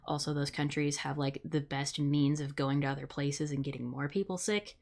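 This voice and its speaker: A woman's voice: low-pitched, fairly even intonation, moderate pace, darkish tone. A young woman from the Midwest, hosting a live stream in casual chat, blunt and sarcastic, swearing freely. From Midwest United States. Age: young adult. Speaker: streamer host.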